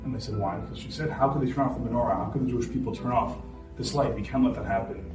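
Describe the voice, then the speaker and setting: A man's voice: mid-range voice, rapid-fire. A man giving an earnest storytelling speech at a party, with many fillers. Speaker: speaker at a holiday party. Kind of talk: inspirational speech. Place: party venue. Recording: echoey room from far off, music behind.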